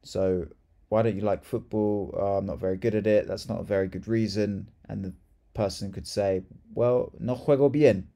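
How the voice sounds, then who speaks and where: Brief: male language tutor, mellow, gravelly, chatty and upbeat. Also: low-pitched, flat delivery, normal speed. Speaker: Spanish teacher. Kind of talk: casual video lesson.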